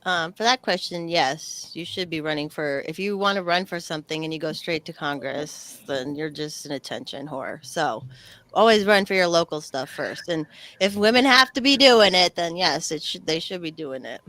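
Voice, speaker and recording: A woman's voice: low-pitched, expressive, normal speed, a bit bright, dry recording. A woman answering as a game show contestant over a video call, blunt and outspoken.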